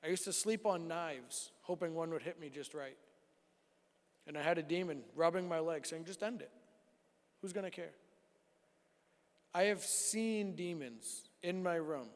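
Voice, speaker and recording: A man in his forties giving an animated sermon testimony to a youth group in a church hall, acting out the dialogue as he tells it. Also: on the high side, moderate pace. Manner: animated storytelling, acts out dialogue. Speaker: youth speaker. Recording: long reverb of a church hall.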